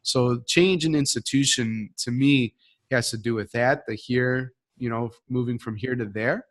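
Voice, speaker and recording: A man's voice: medium pitch, unhurried. A man cohosting a live leadership Q&A, giving upbeat, motivational advice in numbered points. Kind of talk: live Q&A conversation.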